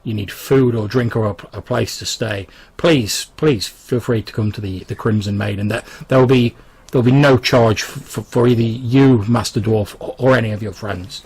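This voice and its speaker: A man's voice: mid-range voice, normal speed, gravelly, a little mellow, husky. A man voicing a flustered middle-aged woman who runs a brothel, stammering and tripping over her words. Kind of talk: tabletop game character voice.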